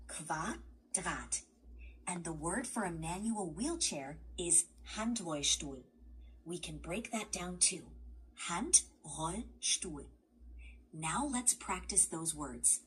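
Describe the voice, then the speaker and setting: A woman's voice: fairly low pitch, slight background noise. A woman's voice, computer-made, guiding a language lesson in a patient, encouraging way. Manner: patient, encouraging, even-paced. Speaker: language tutor assistant.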